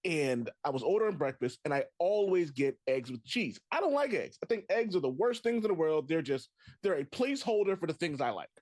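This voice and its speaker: Man, fairly high voice, lively pitch, chatty storyteller, dry sound. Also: fairly quick, no room sound. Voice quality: chatty storyteller, laughs easily. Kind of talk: casual podcast chat.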